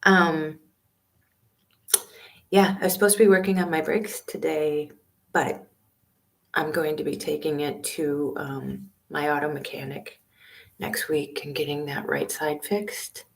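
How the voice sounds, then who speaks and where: A woman in her fifties with a low voice talks to viewers in a hushed, half-whispered way, full of fillers and small pauses. She is in a small library study room, picked up by a laptop's built-in microphone. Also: flat delivery, vocal fry. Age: 50s. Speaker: van-life vlogger hosting a live stream. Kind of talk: casual live-stream chat with viewers. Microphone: laptop webcam and built-in mic.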